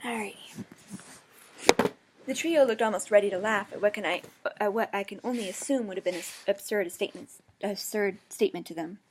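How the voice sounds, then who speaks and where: A woman reads her own story aloud in an even, middling voice. She stumbles over words and corrects herself as she goes. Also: medium pitch, fairly quick, background noise. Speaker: fan fiction reader.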